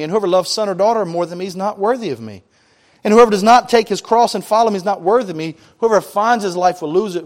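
A man preaching a sermon as pastor, mixing scripture reading with loose, conversational asides and casual slang. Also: high voice.

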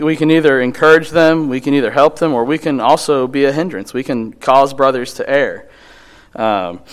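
Smooth-voiced male preacher, earnest and halting. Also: medium pitch. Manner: earnest, halting delivery with frequent restarts; reads scripture aloud slowly and with emphasis. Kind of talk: sermon.

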